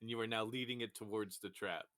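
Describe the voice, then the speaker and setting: A man's voice: lowish voice, steady tone, fast, sharp tone. A man narrating as game master of a tabletop role-playing session, who also puts on a dwarf hireling in broken speech.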